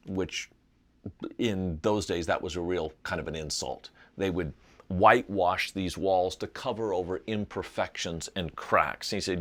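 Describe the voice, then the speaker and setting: A middle-aged man teaching a Bible lesson, explaining a text in an animated storytelling way. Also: fairly low pitch, a little slow. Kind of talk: video Bible lesson lecture.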